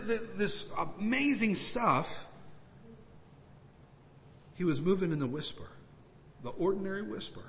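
A man preaching from the pulpit, his fairly high voice climbing on urgent questions and sinking to quiet, slowed asides. The sound carries the long reverb of a church hall. The recording is muffled and lo-fi, with the top end rolled off. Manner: animated preaching, swinging from emphatic raised questions to hushed, slowed asides. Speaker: pastor. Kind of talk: sermon.

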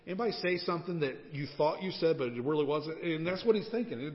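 A man delivers a sermon with a high, lifted voice, easygoing and humorous in his storytelling, then fervent as he declares his faith. The sound is slightly dull, and a long reverb rings around him as if in a large sanctuary. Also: brisk, hardly any pauses. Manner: conversational and joking, rising to fervent declarations. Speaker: pastor.

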